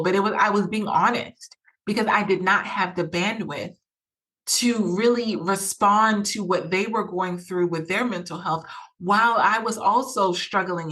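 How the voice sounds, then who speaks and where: A woman's voice: medium pitch, fairly bright tone. A woman hosting a podcast, talking earnestly and emphatically, often repeating phrases and acting out quoted thoughts. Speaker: podcast host. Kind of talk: personal advice talk.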